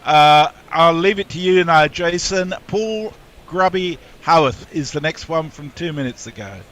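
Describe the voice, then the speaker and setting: A man's voice: fairly high pitch, measured pace, fairly bright tone. A man casually reading out listener messages on a cricket broadcast, with chatty, amused asides. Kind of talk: casual chat reading tweets.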